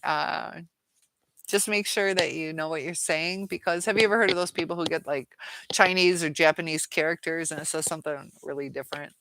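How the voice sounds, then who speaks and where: A woman with a low, gravelly voice hosts a relaxed live chat. She reads viewer comments aloud, trails off now and then and laughs easily. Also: a little fast, no echo. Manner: chatty, laughs often, trails off while reading comments.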